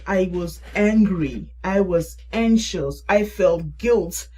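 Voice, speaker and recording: A middle-aged woman telling her grief story in a halting, emotional way and reading an old message aloud. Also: lowish voice, breathy edge, rough recording. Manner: halting, emotional, soft-spoken. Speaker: grief support vlogger.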